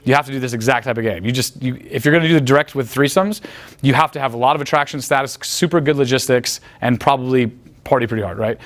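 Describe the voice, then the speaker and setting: Fast-talking blunt male dating coach. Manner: blunt and crude, acts out quick high-pitched quoted exchanges. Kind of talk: casual seminar talk.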